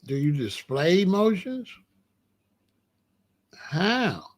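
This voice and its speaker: Livestream host, middle-aged man, higher-pitched voice, blunt and animated, talks straight to his chat. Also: drawn-out words. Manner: animated, blunt, colloquial, asks chat for examples. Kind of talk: casual livestream talk to chat.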